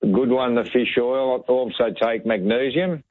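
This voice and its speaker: A man's voice: mid-range voice, unhurried, no echo. An Australian man calling in to a radio show, chatting in a rambling way with lots of fillers. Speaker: caller. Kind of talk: casual radio call-in chat. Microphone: phone. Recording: tinny phone line with hiss.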